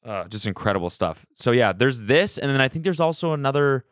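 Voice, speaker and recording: A man's voice: medium pitch, lively intonation, brisk, no echo. A man hosting his own podcast in casual chat, loose and joking, with lots of fillers and restarts, recorded on a small studio set. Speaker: podcast host. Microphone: studio podcast mic.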